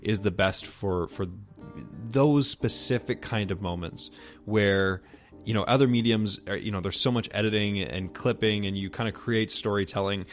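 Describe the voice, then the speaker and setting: A man's voice: fairly low pitch, normal speed, faint music behind. A man hosting a podcast, reflecting thoughtfully on the conversation with frequent fillers. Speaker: podcast host.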